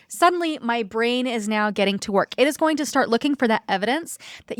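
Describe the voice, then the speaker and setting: A woman in her thirties hosts a self-help podcast and coaches listeners in an encouraging way. Her voice sits a little high. The recording is dry and close. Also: lively intonation, fairly quick, hardly any pauses, no room sound. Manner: guides listeners through reflection.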